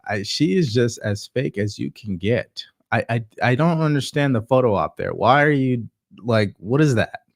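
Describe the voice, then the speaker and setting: A man hosting casual political commentary, talking slowly with lots of fillers and a sarcastic edge. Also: mid-range voice, animated, gravelly, no echo, studio quality. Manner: slow, hesitant with many fillers, sarcastic.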